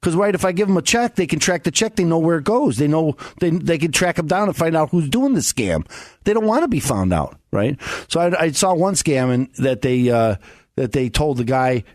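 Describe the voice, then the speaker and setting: Chatty, animated male tax attorney host. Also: a little high, fairly quick, no room sound, studio quality. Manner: chatty and animated, laughs often. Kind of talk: casual radio talk show advice.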